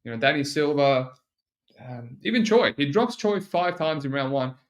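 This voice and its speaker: On his solo podcast, a man chats casually and rambles, teasing himself with frequent fillers and restarts. His voice is a little high and animated, moving at a normal speed.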